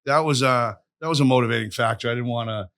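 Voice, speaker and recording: A man's voice: medium pitch, fast, fairly bright tone, no room sound, studio quality. A middle-aged man, a podcast guest telling stories in a blunt, profane, rambling way. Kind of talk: casual storytelling conversation.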